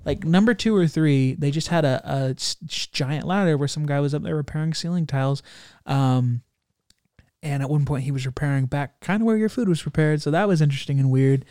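A man's voice: a little high, a little fast, a little mellow, dry recording, studio quality. A young man in casual chat, animatedly telling a funny travel story and acting out the people in it.

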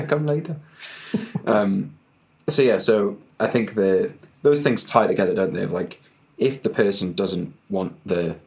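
A man's voice: deep voice, vocal fry. A man, a fitness coach and podcast co-host, chatting in a laid-back way on a video call and laughing easily. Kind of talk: casual podcast chat. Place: home setup on a video call.

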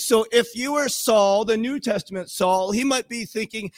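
Male pastor, relaxed sermon delivery, higher-pitched voice, dry close sound. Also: moderate pace, vocal fry, few pauses, dry recording. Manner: conversational, acts out quoted voices.

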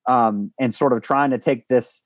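A man's voice: mid-range voice, moderate pace, dry recording. Guy rambling earnestly about coaching, lots of ums, dry recording. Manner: earnest, rambling with many restarts and fillers. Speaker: guest, former baseball coach. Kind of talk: podcast conversation.

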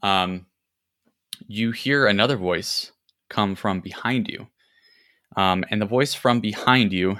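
A man with a fairly low voice and a bright, forceful tone runs a tabletop game. He narrates in a hesitant, playful way, full of fillers. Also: slow, long pauses. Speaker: game master.

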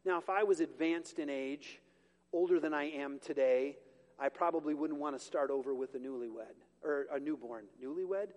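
A man's voice: on the high side, moderate pace, a little mellow. A male pastor preaching a sermon to a congregation, conversational and joking, catching and correcting his own slips. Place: church sanctuary with a congregation. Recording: long hall reverb.

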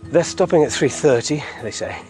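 A man's voice: fairly high pitch, moderate pace, darkish tone, faint music behind. A middle-aged man hosting a community podcast outdoors, walking a hillside road and chatting casually with frequent chuckles.

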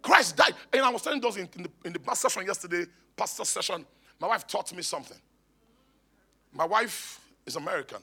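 A man's voice: sits high, animated, a little fast, pushed and bright, slightly rough. A man, a bishop preaching emphatically in church and calling on the congregation to respond. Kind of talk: sermon. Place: church hall.

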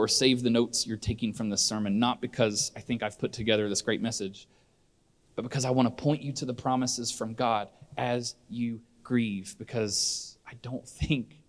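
A man's voice: medium pitch, fairly even intonation, normal speed. A middle-aged man preaching a sermon in church, earnest and conversational, often restarting his sentences. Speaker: pastor.

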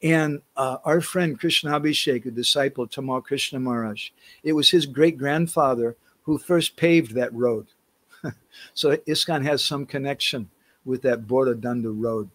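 A man's voice: medium pitch, normal speed, fairly bright tone, no room sound. A man giving a devotional storytelling lecture as a pilgrimage tour guide, animating the quoted characters as he narrates.

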